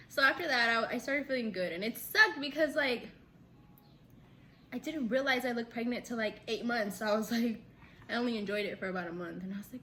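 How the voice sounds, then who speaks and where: A young woman vlogger telling a story in casual chat, animated, often laughing and acting out quotes. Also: a little fast. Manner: animated, acts out quotes with big pitch jumps; laughs between lines, says "like" a lot. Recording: faint background noise.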